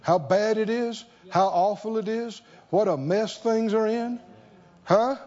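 A man's voice: high voice, unhurried, darkish tone, lo-fi sound. A man preaching a sermon, emphatic and fond of rhetorical questions.

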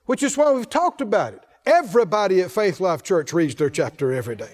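A male pastor preaching a sermon in an emphatic call-and-response style, shouting some refrains. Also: high voice, very animated, fairly quick.

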